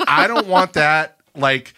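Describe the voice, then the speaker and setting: A man's voice: on the high side, takes it slowly, pushed and bright, clear, resonant tone, dry recording, studio quality. A man co-hosting a podcast in casual chat, playful with mock-formal asides. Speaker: podcast co-host.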